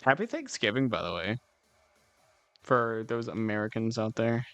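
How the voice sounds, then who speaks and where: A man's voice: lowish voice, animated, moderate pace, a bit bright, no room sound. Laid-back guy yapping on stream, dry close mic, faint music behind. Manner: rambling, laid-back, swears casually, giggles often. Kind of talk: casual chat with live chat.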